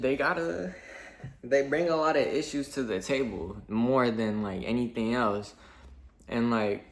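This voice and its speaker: A young vlogger tells a story as a casual, rambling rant, his medium-pitched voice fairly bright. He swears a lot and leans heavily on fillers like "like" and "basically."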